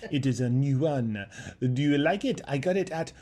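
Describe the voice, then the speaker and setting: A man voicing a lazy, giggly young noblewoman who talks loudly and gushes in a high, drawling voice. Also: lively intonation, moderate pace, lightly acted. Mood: gushing. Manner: high drawling voice, loud and gushing.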